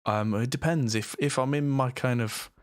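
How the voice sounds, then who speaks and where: A man's voice: medium pitch, normal speed, no room sound, studio quality. A man from the north of England with an English accent, chatting casually and rambling on a live stream while he mixes. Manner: rambling, chatty, self-deprecating. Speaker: mixing engineer and streamer.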